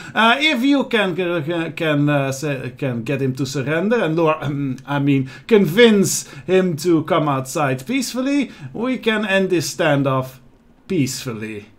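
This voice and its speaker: A man's voice: a little high, expressive, a little slow, a bit bright. A man voicing a flustered male guard captain in a video game, stumbling over his words. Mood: pleading. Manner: hesitant, stumbling.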